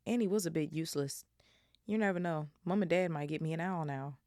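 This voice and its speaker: A woman's voice: sits low, brisk, dark tone, no room sound, clean studio sound, natural voice. A woman voicing a loyal, scrappy teenage boy while reading a novel aloud. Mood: reassuring.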